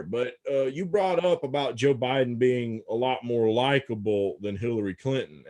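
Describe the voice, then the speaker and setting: A man's voice: medium pitch, a little mellow. A man talking politics in a casual podcast discussion, emphatic, and often repeating a word several times before he gets going. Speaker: political commentator.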